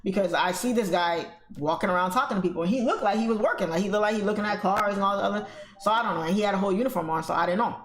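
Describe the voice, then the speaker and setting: A woman's voice: mid-range voice, racing, a little hiss or hum. A woman hosting a trading livestream, chatting casually to her viewers as she tells a story. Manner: chatty, addresses viewers as y'all and guys. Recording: echoey room with faint music.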